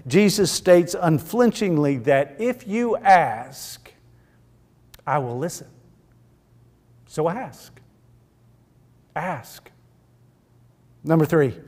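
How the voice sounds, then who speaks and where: Male Bible teacher, slightly high voice, slow and deliberate, earnest, long hall reverb. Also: lively intonation, a little mellow. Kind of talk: church Bible class teaching.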